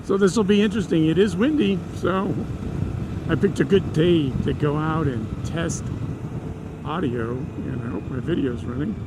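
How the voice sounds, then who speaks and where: A man's voice: fairly high pitch, moderate pace. Rambling man on a windy motorcycle ride. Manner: rambling, sarcastic, many fillers and restarts. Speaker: motorcycle vlogger. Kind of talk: rambling casual vlog. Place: riding a motorcycle outdoors. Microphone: stereo lavalier inside a helmet. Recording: wind and engine noise.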